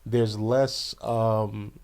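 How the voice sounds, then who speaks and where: A man's voice: lowish voice, flat delivery, drawn-out words, creaky, a little mellow, clean tone. A man in a casual podcast conversation, speaking reflectively with a few hesitations as he makes his points. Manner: reflective, hesitant, frequent "you know" and "um".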